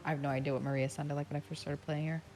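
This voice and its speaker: A woman chatting on a podcast, agreeable and lively. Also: low voice, very fast, faint music behind. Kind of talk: casual podcast chat.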